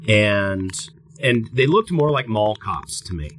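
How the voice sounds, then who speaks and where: A man's voice: lowish voice, lively intonation, slow pace, a little hiss or hum, rough recording. A man co-hosting a podcast, telling a long story in a casual, rambling, profane way and acting out what people said. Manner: rambling, profane, acts out quotes. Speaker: podcast co-host.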